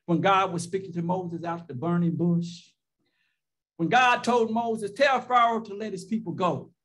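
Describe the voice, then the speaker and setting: High-voiced preacher with emphatic rhetoric. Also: male voice, a bit bright. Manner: rhetorical questions and repeated phrases. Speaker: pastor. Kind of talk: sermon.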